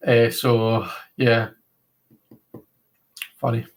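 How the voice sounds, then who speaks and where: A man's voice: mid-range voice, flat delivery, drawn-out words, low-quality recording. A man with a Scottish accent hosting a casual livestream, chatting to viewers in a rambling way with lots of filler words. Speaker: livestream host.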